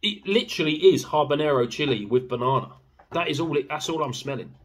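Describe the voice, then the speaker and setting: A man's voice: a little high, animated, brisk, husky. A young man chatting casually in a sauce review vlog, rambling with fillers and swearing freely. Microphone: camera mic.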